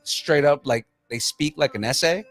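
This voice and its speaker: A man's voice: fairly high pitch, moderate pace, a bit bright, soft background music. A man co-hosting a podcast in casual chat, talking loosely with lots of fillers and jokes. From Central America. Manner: chatty, many fillers and restarts, joking. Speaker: podcast co-host.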